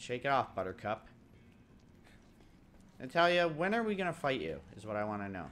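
A man's voice: mid-range voice, sing-song, normal speed, a bit bright, faint music behind. A young man giving casual, joking let's-play commentary, laughing often and mimicking characters. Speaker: gaming commentator.

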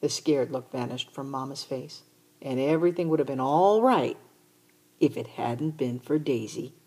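Breathy woman reading a storybook. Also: extremely low pitch, moderate pace, mellow. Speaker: audiobook reader. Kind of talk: storybook narration.

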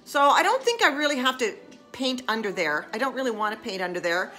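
A woman chatting casually on a live stream as she crafts, self-mocking and chatty, with excited squeals of delight. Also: a little high, a little fast, soft background music.

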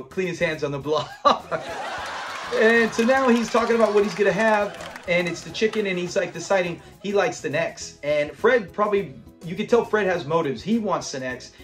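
A man's voice: a little high, fairly bright tone. A young man hosting a classic TV channel, casually and enthusiastically recapping an episode, retelling scenes and laughing along.

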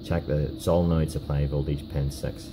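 A man giving a casual hands-on workshop demonstration, talking in a halting way with many fillers and restarts. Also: very deep voice, level tone, background noise. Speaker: DIY car repair video host.

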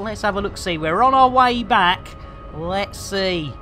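A man's voice: sits high, lively intonation, measured pace, sharp tone, soft background music. A middle-aged British man giving chatty, exclamatory commentary on a live game stream, full of playful catchphrases. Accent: British English. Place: home room with air conditioning.

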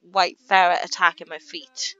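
A woman giving casual gameplay commentary, chatting along and voicing her characters in quick asides. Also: lowish voice, lively intonation, fairly bright tone, no room sound, highs cut off. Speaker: gaming YouTuber.

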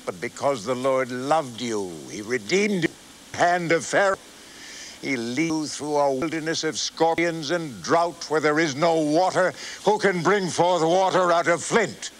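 A man's voice: a little high, measured pace, fairly bright tone, voice pushed up, low-quality recording. A man voicing Moses, an earnest aged prophet who leads his people, speaking in a raised, fervent tone. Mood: exhorting.

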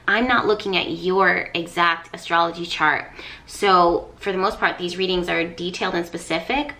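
Female astrologer, earnest coaching delivery with emphatic repeats; lowish, bright voice. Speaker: astrologer and tarot reader. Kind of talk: casual spoken astrology reading.

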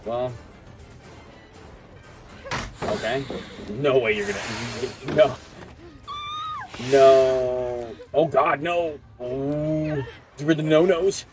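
A man's voice: medium pitch, slow pace. A man giving casual gameplay commentary as a streamer, taunting and joking at the other players. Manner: trash-talking, taunting and joking at opponents. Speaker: gaming streamer. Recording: game music playing under the voice. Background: game music.

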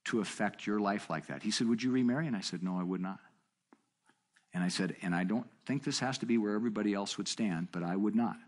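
A middle-aged man teaching a marriage seminar in a conversational way, telling a story with quoted dialogue and jumping up in pitch for emphasis. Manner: animated, jumps up in pitch for emphasis.

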